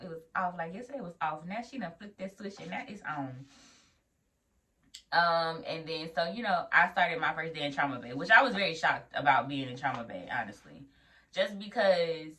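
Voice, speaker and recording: A young woman vlogger, a new nurse, telling a story in a casual, animated way, acting out what people said and laughing often. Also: fairly low pitch, distant mic. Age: young adult.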